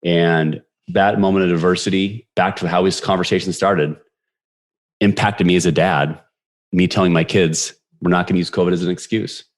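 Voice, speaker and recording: Brief: very low-voiced man, forties, lively storyteller guest. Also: normal speed. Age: 40s. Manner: energetic, animated retelling with quoted voices. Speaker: podcast guest. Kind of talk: storytelling interview.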